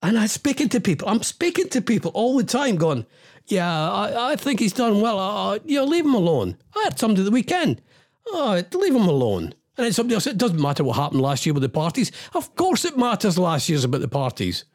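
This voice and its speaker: A middle-aged man hosting a radio show, and his voice sits a bit high and swings widely in pitch. He rambles on in exasperation and keeps throwing in wry asides. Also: very animated, fast. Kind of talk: ranting radio chat.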